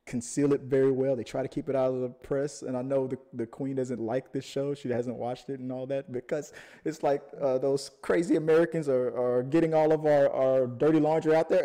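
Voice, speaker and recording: A man co-hosting a casual chat about TV, animated and quick to laugh, sometimes jumping into high-pitched exclamations.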